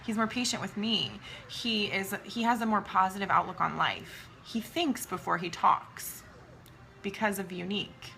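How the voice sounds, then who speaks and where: A woman's voice: medium pitch, normal speed, gravelly, sharp tone, a little hiss or hum. A woman giving a chatty, emphatic motivational talk to her followers, often calling them "you guys".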